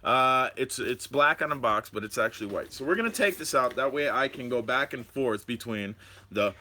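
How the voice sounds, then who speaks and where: A man hosting a live stream at home, rambling excitedly and talking to his viewers about drones. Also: mid-range voice, moderate pace, slight background noise. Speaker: drone channel host.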